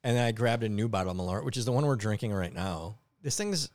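A man co-hosting a podcast from his home garage, chatting casually and telling animated stories with frequent laughter. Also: lowish voice, fast talker, dry recording, studio quality. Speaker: podcast co-host. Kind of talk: casual chat.

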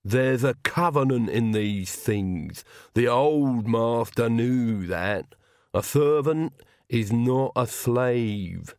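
A man voicing Igor, a hunched male servant who mutters slow grumbling complaints under his breath. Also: mid-range voice, expressive, a little mellow, no room sound, clean studio sound.

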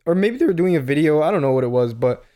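A man's voice: a little high, lively intonation, fast, warm tone. A young man co-hosting a podcast in casual chat, slangy, with a Canadian accent. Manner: slangy, says bro a lot. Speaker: podcast co-host.

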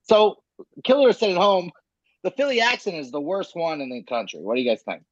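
Man, podcast co-host, casual banter, very animated pitch, lo-fi sound. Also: fairly quick, dry recording. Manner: chatty, laughs often, fillers. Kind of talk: casual chat. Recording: dull dry lo-fi mic.

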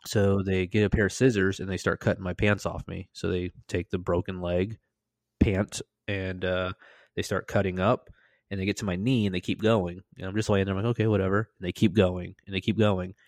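Animated, profane man telling a story. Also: sits low, moderate pace, no room sound. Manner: animated, profane, acts out quoted lines. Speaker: podcast host. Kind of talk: casual storytelling.

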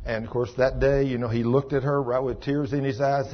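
A husky-voiced man preaching a sermon, his delivery climbing into loud, emphatic exhortation. The recording is dull and lo-fi, with the top end muffled. He talks at an everyday male pitch, plain and direct. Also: steady tone, fairly quick.

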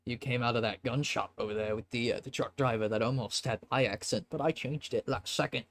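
A man voicing a gruff, foul-mouthed male shopkeeper in a tabletop game, crude and blunt. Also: medium pitch, fairly even intonation, a little fast, close to an everyday voice. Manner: crude, blunt, loud outbursts. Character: gruff, swearing male shopkeeper, nervous when rich.

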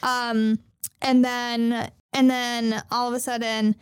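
A young woman with a slightly high voice retells a story on a casual podcast. She rambles, swears freely and slips into quick character impressions along the way. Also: flat delivery, noisy background. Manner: rambling, swears, acts out quoted lines. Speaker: podcast co-host. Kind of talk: casual retelling of an anime plot.

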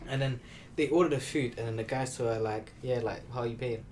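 A man's voice: mid-range voice, steady tone, fast, a little mellow, slight background noise. A young man hosting a casual podcast, chatting in laid-back slangy banter with restarts. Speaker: podcast host. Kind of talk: casual chat.

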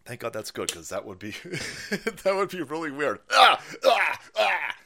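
A male streamer rants in a casual, profane way, mocking as he goes and laughing often. His pitch is lively and swings widely, jumping up when he slips into silly put-on voices. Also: normal speed. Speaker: political stream host. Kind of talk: casual ranting live stream.

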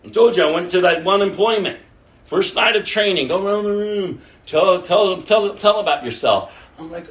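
A man's voice: a little high, a little fast, fairly bright tone. A man preaching a sermon, telling stories and acting out his own prayers and other people's words. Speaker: pastor. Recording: echoey room, mic at a distance.

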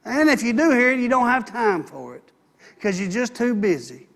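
A man delivers a sermon. His voice sits high for a man, and he drives his points home by repeating phrases with earnest conviction. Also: animated, normal speed, vocal fry, fairly bright tone. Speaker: pastor.

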